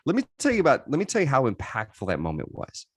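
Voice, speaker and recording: A man's voice: medium pitch, huge pitch swings, fast, breathy edge, no room sound, clean studio sound. A man in his thirties, a podcast guest, telling his life story in an earnest, reflective way with frequent restarts. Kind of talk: candid interview storytelling.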